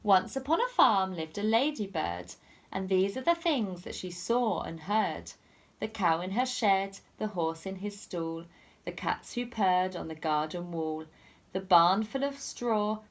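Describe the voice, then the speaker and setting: A woman teacher reading a picture book aloud to children in a sing-song storytelling manner. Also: mid-range voice.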